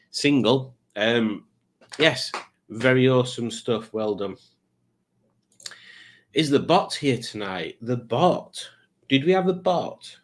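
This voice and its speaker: A man in a mid-range voice hosts a live stream, reading chat messages aloud in a loose, rambling way. He drifts into dry little asides and fills gaps with ums and uhs. He talks close to a desk mic. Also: medium pitch. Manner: rambling, wry asides with frequent fillers.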